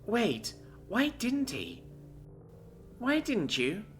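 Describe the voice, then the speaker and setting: A man's voice: high voice, wildly swooping pitch, faint music behind, voice pushed up, heavily acted. A man voicing a timid young female alien with fur and ears, eager and apologetic. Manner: eager, apologetic, quick to fluster.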